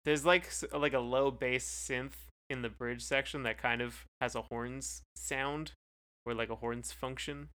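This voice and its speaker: A man's voice: medium pitch, steady tone, unhurried, sharp tone. Hesitant man rambling in podcast chat. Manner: hesitant, rambling, lots of fillers. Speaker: podcast co-host. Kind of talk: casual chat.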